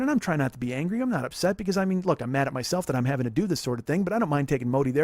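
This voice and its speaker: A man in his forties telling a profane, animated comic story on a podcast. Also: fairly high pitch, no room sound, studio quality. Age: 40s.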